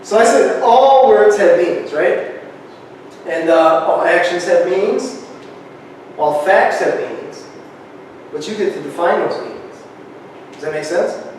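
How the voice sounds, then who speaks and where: A man giving a lively workshop talk to a live group, often checking in with "right?", recorded on a distant camera. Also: sits high, unhurried, pauses often, slight background noise. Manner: energetic, keeps asking "right?". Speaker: presenter. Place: large echoey room. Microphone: camera far from speaker. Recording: echoey hall, distant camera.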